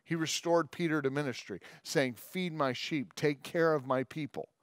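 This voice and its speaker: A man's voice: a little high, dry recording. Dry, conversational preaching man. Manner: conversational and joking, with quick asides; reads scripture aloud at length. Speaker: pastor. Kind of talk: sermon.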